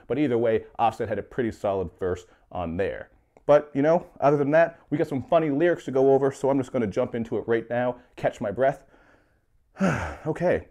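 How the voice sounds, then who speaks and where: A young man giving a casual rant review of a mixtape, joking and swearing with animated asides. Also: on the low side. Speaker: music reviewer.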